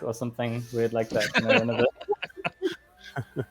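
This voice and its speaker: A man playing a tabletop game, recapping in a rambling, relaxed way with fillers. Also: mid-range voice, normal speed, a little hiss or hum. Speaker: player. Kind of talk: casual tabletop game chat.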